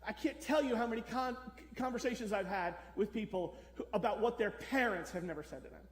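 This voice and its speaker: High-voiced pastor preaching in a hall. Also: male voice, brisk. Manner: conversational, asks the audience questions. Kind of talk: sermon. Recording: echoey church hall.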